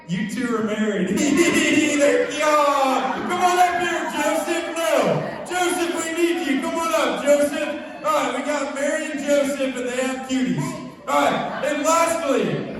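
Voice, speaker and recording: A young man leading a youth group talk in a church hall, upbeat and joking as he calls out to the crowd. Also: extremely high pitch. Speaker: youth pastor. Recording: echoey hall, mic from a distance.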